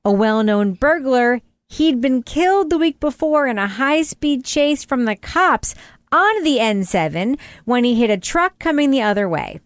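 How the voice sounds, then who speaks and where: Deadpan podcast host lady, high voice, reads a crime bit then quizzes the panel. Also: a little slow, no room sound. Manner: wry, deadpan delivery of jokes. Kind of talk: scripted crime segment and panel chat.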